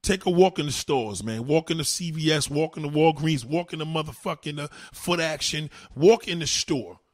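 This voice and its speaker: A man's voice: fairly high pitch, moderate pace. A man, likely in his thirties, ranting crudely and emphatically on a casual livestream. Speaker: livestream host. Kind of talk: profane casual rant.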